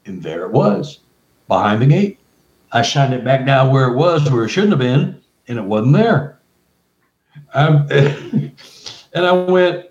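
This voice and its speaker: A man, a guest researcher and author, telling an excited story full of quoted dialogue and restarts. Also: on the high side, unhurried. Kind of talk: animated storytelling. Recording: roomy, distant, dull remote audio.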